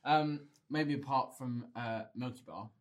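A man's voice: mid-range voice, slow. A man co-hosting a podcast in a studio, chatting in a playful, storytelling way. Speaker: podcast co-host. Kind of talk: casual chat.

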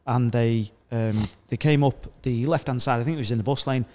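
A man's voice: medium pitch, brisk, a little mellow. A man hosting a podcast, chatty and eager in his reactions. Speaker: podcast host. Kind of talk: casual podcast chat.

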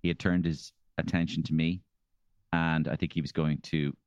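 An Irish man as a comedian guest, telling animated stories in a casual chat and slipping into impressions. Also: extremely low pitch, moderate pace, dry recording, dull audio. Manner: animated storyteller, slips into impressions.

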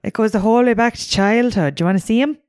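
A woman's voice: a little high, fast, a little mellow, clear, resonant tone, dry recording, studio quality. A woman co-hosting a podcast in casual chat, giggling as she reads out news items. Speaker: podcast co-host.

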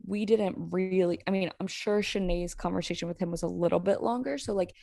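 A woman's voice: lowish voice, a little fast, vocal fry, dark tone, no echo, studio quality. A woman co-hosting a casual podcast recap, laid-back and hedging as she floats ideas. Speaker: podcast co-host.

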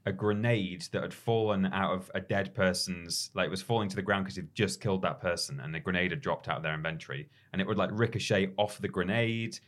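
A man with a very low voice chats on a gaming podcast. He meanders through his story, with plenty of ums and restarts. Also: fairly quick, few pauses, a bit bright. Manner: meandering, filler-heavy. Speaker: podcast co-host. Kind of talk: casual chat.

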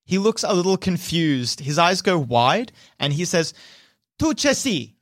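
A man narrating as game master, describing scenes in a relaxed way with some restarts. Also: on the high side, moderate pace.

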